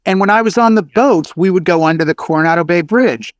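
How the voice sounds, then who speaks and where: A man's voice: high-pitched, fast talker, no room sound. A man hosting a casual chat among DJs, telling stories and acting out his own microphone announcements. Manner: storytelling, chatty, acts out his announcements. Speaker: DJ show host. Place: convention hallway.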